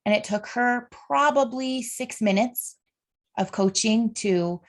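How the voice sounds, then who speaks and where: A woman's voice: fairly high pitch, slow pace. Earnest woman podcast host. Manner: earnest, heartfelt, talks straight to listeners; faith-based encouragement. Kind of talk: solo motivational podcast monologue.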